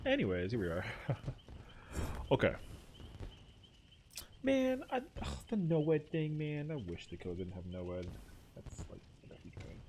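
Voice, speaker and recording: A man's voice: on the high side, big pitch swings, a little slow, pauses often, background noise. A young man streaming a game, chatting casually and rambling with lots of "like" fillers. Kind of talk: casual chat while gaming.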